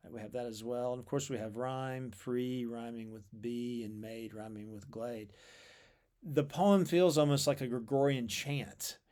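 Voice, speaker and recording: A man explaining poetry in a measured, thoughtful way, with fillers and repeated words. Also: medium pitch, steady tone, mellow. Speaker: literature lecturer.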